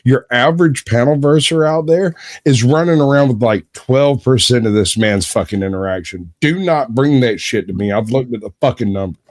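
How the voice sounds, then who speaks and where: A man chatting casually on a livestream in a brash, profane and excitable way. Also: mid-range voice, moderate pace, hardly any pauses, no echo.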